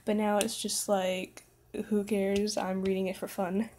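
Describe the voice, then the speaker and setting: Young woman reading a story out loud, trips over words a lot, tired, keeps joking with chat. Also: medium pitch, little pitch movement, unhurried, slight background noise. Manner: stumbling, self-correcting, joking with chat. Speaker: reader of fan fiction. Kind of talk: casual read-aloud livestream.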